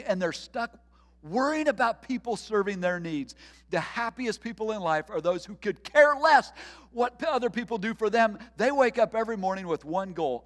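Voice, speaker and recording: A middle-aged pastor preaching a sermon, his voice on the high side for a man, animated and quick to laugh as he acts out what went through his head. The sound carries a long reverb from a church hall. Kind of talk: sermon with personal story.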